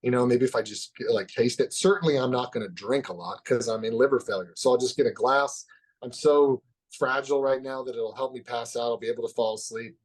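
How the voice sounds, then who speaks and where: A man as a podcast guest, telling a personal story in an open, reflective way that drops soft at the heavy parts. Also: mid-range voice, fairly quick. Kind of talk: candid conversational storytelling.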